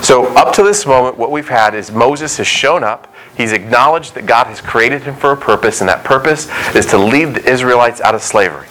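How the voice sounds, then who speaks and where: A man's voice: mid-range voice, brisk, hardly any pauses, pushed and bright, a little hiss or hum, rough recording. A young adult male pastor preaching a sermon in a conversational way, acting out quotes and dialogue.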